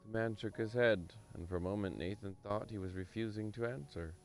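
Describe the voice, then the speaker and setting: A man reading a novel aloud on a livestream in a relaxed, unhurried way, close to the microphone. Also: fairly low pitch, faint music behind. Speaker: livestream book reader.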